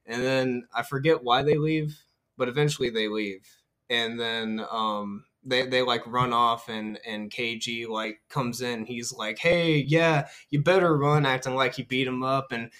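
A man's voice: mid-range voice, steady tone, bright, forceful tone, smooth. Rambling man recapping a movie. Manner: rambling, lots of fillers, quotes characters in quick voices. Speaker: podcast host.

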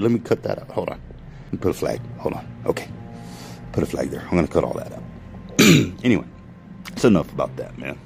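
Deep, gravelly and a little mellow, this vlogger's voice comes through a low-quality recording. He rambles and swears in a ranting monologue to his followers, repeatedly interrupting himself with corrections.

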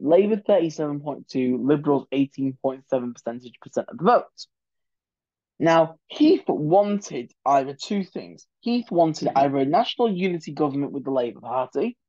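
A man hosting a solo history podcast, mixing sarcasm and casual swearing into his commentary. His voice sits slightly high for a man. The sound is dull and very dry, as if recorded close in a small space. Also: a little mellow, no echo. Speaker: podcast host.

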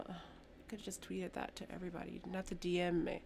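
A woman's voice: lowish voice, level tone, fast, vocal fry, a little mellow, a little hiss or hum. A woman co-hosting a podcast in casual chat, trailing off with fillers and correcting herself as she goes. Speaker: podcast co-host.

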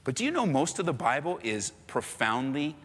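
Lively male preacher, bright, forceful delivery, long hall reverb behind him. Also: mid-range voice, moderate pace, slightly rough. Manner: animated, conversational, storytelling. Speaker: pastor. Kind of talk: sermon.

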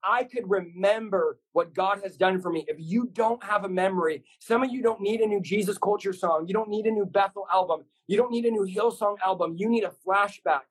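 Fervent husky-voiced man preaching. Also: sits high, brisk, hardly any pauses, poor audio. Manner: intense, repetitive, builds lists of short punchy lines. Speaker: guest preacher. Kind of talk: fervent preaching in a podcast conversation.

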